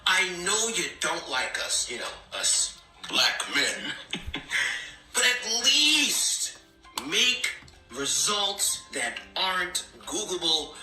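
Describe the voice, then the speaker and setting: A man's voice: high voice, sing-song, slow pace. A man reacting to a clip with sarcastic, mocking commentary and laughing asides. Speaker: video reactor. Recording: roomy echo with faint music.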